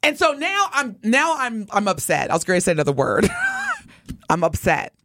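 Animated middle-aged woman storyteller. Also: mid-range voice, moderate pace, dry recording. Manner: animated, expressive storyteller addressing listeners directly. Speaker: podcast co-host. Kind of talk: casual storytelling.

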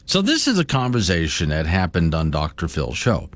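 A man's voice: low-pitched, huge pitch swings, normal speed, a bit bright, no echo, studio quality. A man hosting a morning talk radio show, speaking bluntly and conversationally about listener topics.

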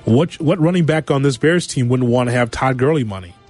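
A man hosting a sports talk radio show, giving an animated monologue full of rhetorical questions and repeated phrases. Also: mid-range voice, a little fast, faint music behind. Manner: animated, rhetorical, repeats himself, acts out quotes.

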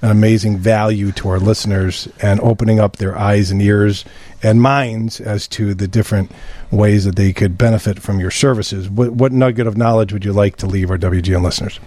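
A man's voice: on the low side, steady tone, brisk, dark tone, no echo. A man hosting a radio show in a studio, talking bluntly and joking with his guests. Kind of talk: casual radio talk. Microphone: studio microphone.

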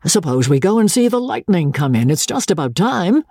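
Brief: reader playing a teasing young officer, raised and playful, animated swings, dry close recording. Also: mid-range voice, normal speed, dry recording, pitched above the performer's own voice. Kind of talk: audiobook character voice.

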